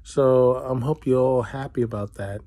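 A man's voice: medium pitch, fairly even intonation, moderate pace, dark tone, no room sound. A man vlogging an indignant, rambling, sarcastic rant straight to the viewer. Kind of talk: ranting to camera.

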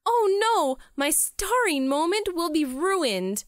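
A woman doing a bossy, eager little schoolgirl for a storybook read-aloud, coaxing and dramatic. Her high voice leaps all over the place, and she takes her time with every line. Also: big pitch swings, slow, dry recording, clean studio sound, full character voice. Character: young schoolgirl, eager, bossy would-be star.

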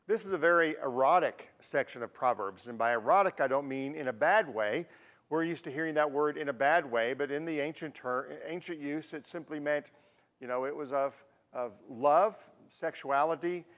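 Sixties male guest preacher, slightly high voice, anecdotal conversational sermon, long church reverb. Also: moderate pace. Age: 60s. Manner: warm storytelling with personal anecdotes. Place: church sanctuary.

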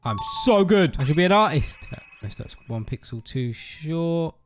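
A man's voice: a little high, normal speed, faint music behind. Playful boasting man in a game chat. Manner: playful, boastful, lively banter. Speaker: gaming video co-host. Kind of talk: casual gameplay chat.

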